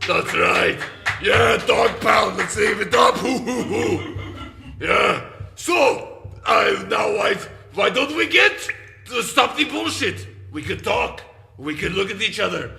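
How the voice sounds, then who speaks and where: A man voicing a crude masked ghoul metal singer who hosts a call-in segment, shouting profanity in a mock-menacing way. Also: expressive, takes it slowly, echoey room, full character voice. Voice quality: gravelly, shrill. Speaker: host of a call-in question segment.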